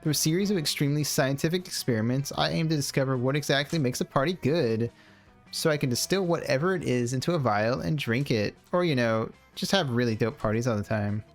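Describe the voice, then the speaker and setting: Male streamer as excited party girl, raised exaggerated voice, faint music bed. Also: medium pitch, fairly quick, natural voice. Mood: hyped. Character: brash dude party-girl Polly, hyped.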